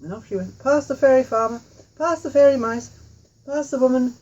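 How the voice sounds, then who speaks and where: A woman's voice: high voice, fairly quick, darkish tone, highs cut off. A woman telling a children's story with tabletop puppets, chatty, with asides to the children.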